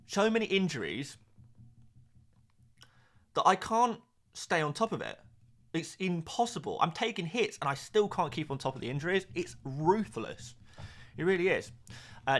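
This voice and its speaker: A man's voice: on the high side, fairly bright tone. A young man chatting casually on a live stream, reading out viewer comments in a self-mocking, rambling way. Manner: chatty, self-mocking, repeats words and restarts. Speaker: fantasy football streamer.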